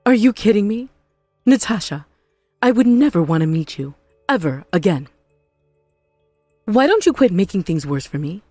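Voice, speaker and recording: A woman voicing a spiteful, possessive mother-in-law in an animated story, scornful and melodramatic. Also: mid-range voice, normal speed, long pauses, no echo, soft background music. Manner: scornful, melodramatic, self-pitying.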